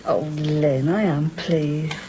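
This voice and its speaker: An actress playing a weary, low-spirited wife in a TV soap. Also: female voice, steady tone, takes it slowly, noisy background. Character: tired, low-spirited wife, quietly hurt. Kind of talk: 1990s TV soap acting.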